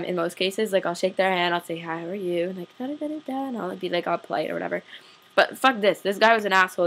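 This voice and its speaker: A woman's voice: on the low side, a bit bright. A young adult woman, venting to camera in a casual storytime rant full of swearing and "like". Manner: profane, fired-up, heavy use of "like". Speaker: vlogger.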